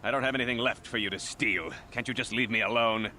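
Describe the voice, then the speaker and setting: A man's voice: medium pitch, fast, sharp tone. A man voicing a weary, defensive clinic keeper in a video game. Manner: defensive, tired.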